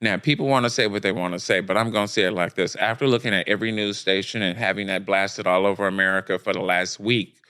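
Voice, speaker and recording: A man's voice: on the low side, fairly even intonation, fast talker, few pauses, sharp tone, clear, resonant tone. A man speaking as a guest in a casual podcast discussion, blunt and emphatic, thinking aloud with frequent restarts.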